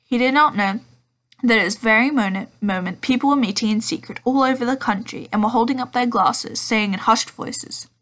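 Woman reader, fairly high voice, amateur read-aloud with frequent slips and self-corrections. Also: brisk, a bit bright. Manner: stumbles and corrects herself often. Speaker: audiobook reader. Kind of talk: children's book read-aloud.

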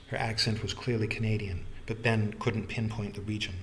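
Low-voiced man narrating a novel. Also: normal speed, few pauses, slight background noise. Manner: even, literary reading. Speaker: audiobook narrator. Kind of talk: scripted narration.

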